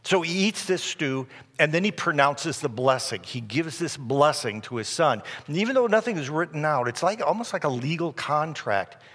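A man's voice: expressive, moderate pace, few pauses. Man preaching in a reverberant sanctuary. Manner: dramatic storyteller, drops soft and low at tense moments. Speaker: pastor. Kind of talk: sermon, storytelling. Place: church sanctuary. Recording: long reverb of a large hall.

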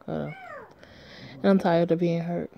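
A woman's voice: on the low side, fairly even intonation, normal speed, creaky, dark tone, slight background noise. A woman giving crude, sassy, profane commentary while she reads a story.

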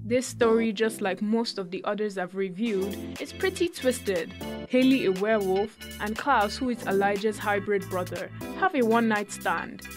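A woman's voice: mid-range voice, normal speed, music in the background. A young woman hosting a student review segment, speaking candidly and plainly. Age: young adult. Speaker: segment host, show reviewer. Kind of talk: scripted review.

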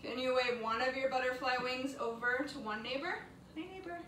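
A woman's voice: high voice, level tone, brisk, fairly bright tone. A woman teaching a yoga class for young children in a sing-song, encouraging, playful way. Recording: echoey room, mic at a distance.

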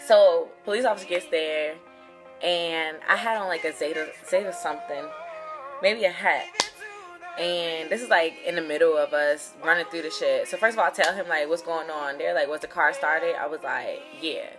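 A young woman, telling a story to camera in a casual vlog, animated and profane, swinging between loud outrage and muttered asides. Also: on the low side, normal speed, music in the background. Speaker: vlogger.

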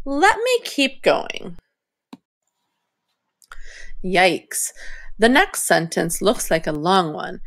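Woman, teacher, reading lesson for kids, slow and lively pitch, gentle think-aloud.

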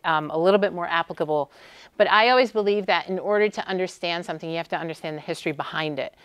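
A woman's voice: lowish voice, smooth, no echo. A middle-aged American woman, a sports medicine doctor, giving a friendly, conversational conference talk with frequent "um"s. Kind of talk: conference lecture.

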